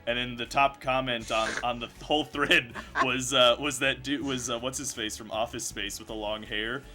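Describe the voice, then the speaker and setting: A man's voice: medium pitch, steady tone, normal speed, music in the background. A young man hosting a casual gaming chat, joking and rambling with lots of fillers and laughs. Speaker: host.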